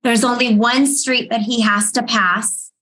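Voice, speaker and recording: A woman in her thirties with a fairly high voice tells a personal story on a panel. She speaks in a heartfelt, halting way, pausing often on ums. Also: fairly even intonation, sharp tone, rough recording. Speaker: panel speaker, foundation founder.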